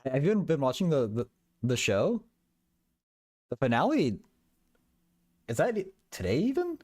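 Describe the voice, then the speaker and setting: A young man livestreams while working on math homework, chatting casually, stammering and repeating words often. His mid-range voice is a little mellow, with wildly swooping pitch and a measured pace.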